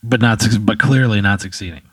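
A man bantering on a comedy podcast, indignant and profane in a deadpan way. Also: fairly low pitch, fairly quick, slightly rough, dry recording.

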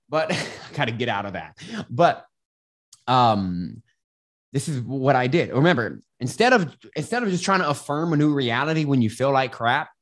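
A self-help coach giving candid casual advice, explaining through a personal story with frequent restarts. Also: deep voice. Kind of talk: casual advice monologue to camera.

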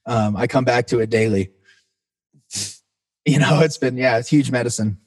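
Laid-back male band singer as a podcast guest, mid-pitched, casual and profane, full of "man" and "dude". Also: moderate pace. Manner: laid-back, swears freely, says "man" and "dude" often. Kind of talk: casual storytelling chat.

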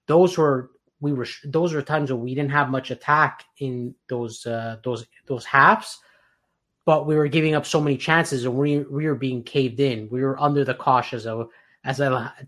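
A man hosts a casual football podcast, giving strong opinions with animated energy. He often restarts his sentences mid-thought. His voice sits in an ordinary middle range. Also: medium pitch. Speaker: podcast host.

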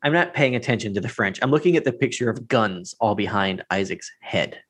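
Mid-pitched co-host, rambling jokey recap chat, playful silly voices. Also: animated, a little fast, breathy edge. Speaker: podcast co-host. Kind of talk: casual chat recapping a TV episode.

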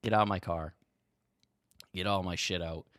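A man co-hosting a podcast, telling a long story in an animated way and swearing freely. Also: low-pitched, moderate pace, no echo, clean studio sound. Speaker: podcast co-host. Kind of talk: casual storytelling chat.

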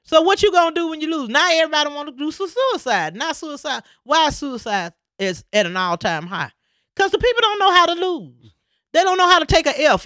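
A woman's voice: high voice, brisk, no room sound, clean studio sound. A woman, talking in an emphatic, preachy way during a casual chat. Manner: emphatic, preachy, animated storytelling.

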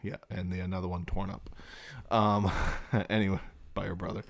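A man's voice: low-pitched, level tone, normal speed, gravelly. A man co-hosting a podcast, telling a long story in casual late-night chat, swearing freely and laughing through it. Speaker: podcast co-host.

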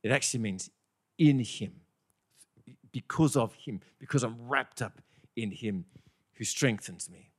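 A man preaching a sermon in a conversational, animated way, often asking the congregation questions. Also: medium pitch, unhurried, long pauses.

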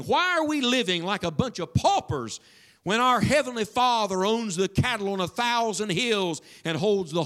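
High-voiced preacher with dramatic swings. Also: male voice. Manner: preaching with sweeping swings between loud emphasis and hushed asides. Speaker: pastor. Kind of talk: sermon. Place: church.

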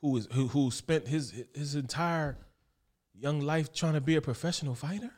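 A man's voice: fairly high pitch, moderate pace. A man in casual chat, talking emphatically and with a lot of profanity. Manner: emphatic, profane, animated storytelling.

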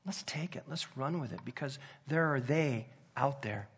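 Male preacher, sermon storytelling, earnest, conversational, mid-pitched voice. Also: normal speed, slightly rough. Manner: earnest, conversational, drops to soft intensity.

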